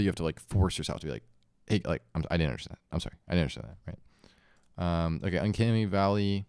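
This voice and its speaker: A man's voice: low-pitched, a little mellow, smooth, dry recording, clean studio sound. A young man talking casually about learning a language, rambling with many filler words and self-corrections. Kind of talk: casual monologue vlog.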